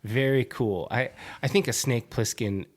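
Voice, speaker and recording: A man co-hosting a podcast, talking about a film with enthusiasm in quick bursts and stammering restarts. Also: medium pitch. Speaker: podcast co-host. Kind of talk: casual film discussion.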